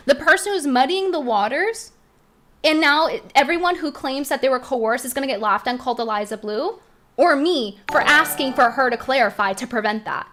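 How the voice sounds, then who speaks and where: A woman's voice: high-pitched, fairly bright tone. A young woman streamer delivering an upset, indignant rant, firing off rhetorical questions and repeating her points. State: upset, heated. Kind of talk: heated commentary rant.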